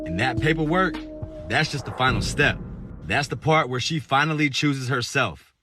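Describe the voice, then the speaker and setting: A man giving an earnest, measured monologue in a reflective voice-over. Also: medium pitch, animated, over loud music.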